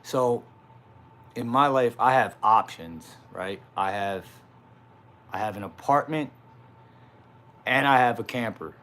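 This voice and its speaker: A man's voice: mid-range voice, takes it slowly, pauses often, a bit bright. A young man talking casually on a livestream, rambling and swearing with self-mocking laughs. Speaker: live streamer.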